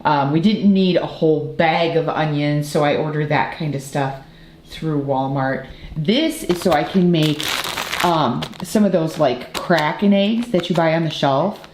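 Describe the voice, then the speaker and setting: A woman's voice: sits low, measured pace, a little mellow, a little hiss or hum. A woman in her forties from the United States, chatting casually to the camera in her kitchen as a family vlogger, rambling with lots of fillers and self-corrections. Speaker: family vlogger and homeschooling mother.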